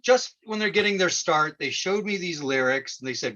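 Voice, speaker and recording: A male stand-up comedian telling a story in a dry, deadpan way. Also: a little high, normal speed, muffled recording.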